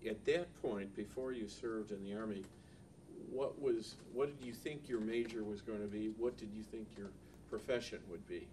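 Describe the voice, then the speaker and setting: A man asking oral history interview questions in a hesitant, halting way. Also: lowish voice, darkish tone. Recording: distant mic with noticeable background noise.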